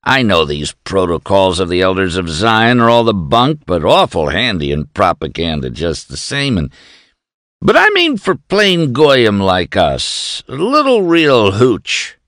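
A man voicing a drunken male official who jeers and shouts insults in a high, slow, slurring voice. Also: big pitch swings, dry recording, studio quality. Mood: jeering drunk. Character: drunken bullying male official, loud and sneering.

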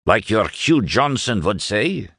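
Mocking, chuckling agitator, animated, dry sound; male narrator voices him. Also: on the low side, slow, vocal fry, breathy edge, dry recording, full character voice.

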